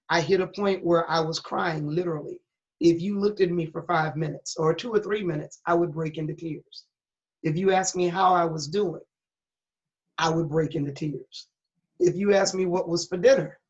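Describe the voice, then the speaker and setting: A woman's voice: low-pitched, darkish tone. Earnest middle-aged woman, dull lo-fi sound. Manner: candid, earnest storytelling with a preacher's emphasis. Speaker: pastor and guest. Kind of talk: personal testimony in an interview. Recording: dull lo-fi recording.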